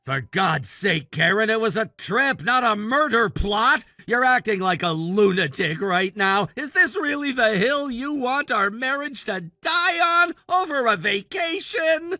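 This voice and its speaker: A man's voice: very high-pitched, animated, unhurried, hardly any pauses, sharp tone, no echo, clean studio sound, exaggerated voice. A synthetic male text-to-speech voice reading an impatient, scolding middle-aged husband in a text-message story. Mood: exasperated.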